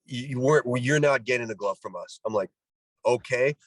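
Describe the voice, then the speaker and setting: His husky, mid-range voice moves fairly quickly, with no echo but poor audio. This ex-pro ball player from Canada, middle-aged, tells a story in a relaxed interview, animatedly voicing the people he quotes and frequently starting sentences over.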